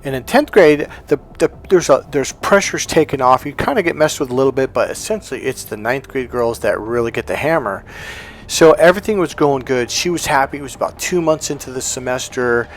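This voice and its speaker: Man coach telling a story animatedly. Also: fairly quick. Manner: animated, acts out quoted dialogue with high lifts in pitch. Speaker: dating and relationship coach, hypnotherapist. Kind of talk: motivational storytelling.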